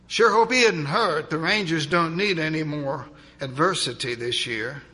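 A man voicing a male TV football announcer who shrieks into the microphone with excitement. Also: a little high, unhurried, slightly rough, long reverb tail, full character voice. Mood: worried.

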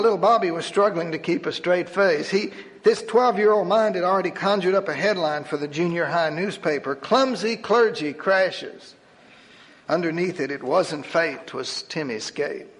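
A man reading a humorous story aloud in a wry, lively storytelling manner. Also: a little high. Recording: long hall reverb.

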